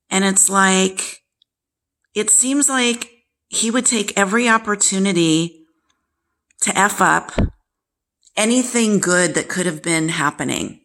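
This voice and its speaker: A woman's voice: medium pitch, slow, pauses often, fairly bright tone. A woman hosting a personal vlog, telling a painful family story in a candid, exasperated way and now and then speaking straight to the father she talks about. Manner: candid, exasperated, directly addresses her absent father. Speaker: vlog host. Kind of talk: casual personal storytelling to camera.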